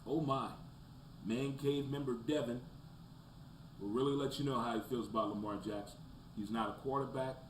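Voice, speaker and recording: A man hosting a casual sports talk show, breaking down the weekend's games, rising into loud rants and dropping to low mutters. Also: steady tone, moderate pace, pauses often. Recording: roomy echo, faint background noise.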